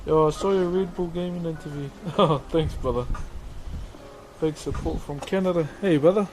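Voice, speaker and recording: New Zealand man, streamer, laid-back chatty, voice sits a touch high. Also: moderate pace, noisy background. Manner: easygoing, greets viewers as brother, laughs often. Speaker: livestreaming woodcarver. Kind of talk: casual livestream chat while working.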